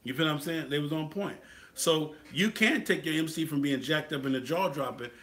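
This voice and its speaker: With a fairly high pitch, a brisk pace, and a somewhat bright tone, this man hosts a motorcycle club talk. Hailing from Atlanta, US, he preaches, repeats, and checks in with "you feel what I'm saying?"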